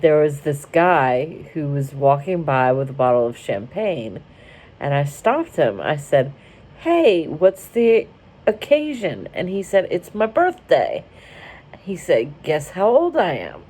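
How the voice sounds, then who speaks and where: In a car, a young woman from Florida tells a rambling, wry story to camera as a vlogger, interrupting herself along the way. Her voice is deep and darkish, sing-song and unhurried.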